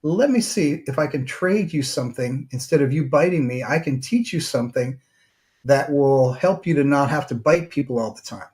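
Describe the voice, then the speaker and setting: A man voicing a calm, kindly wandering meditator in a spoken parable, talking in an easygoing, chatty way. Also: medium pitch, normal speed, lightly acted.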